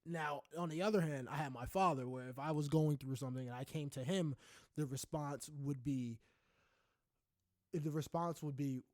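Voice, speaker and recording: A young adult man co-hosting a podcast in casual chat, speaking candidly and swearing freely, often ending lines with "right?" and rising into loud animated rants. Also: a little high, moderate pace, dry recording, studio quality. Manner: rises into loud animated ranting. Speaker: podcast co-host.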